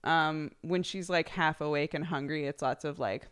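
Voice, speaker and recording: With a low, smooth, slightly bright voice at a moderate pace, a young woman chats easily with viewers on her livestream. She giggles a lot, stays bubbly, and calls out subscribers by name to thank them.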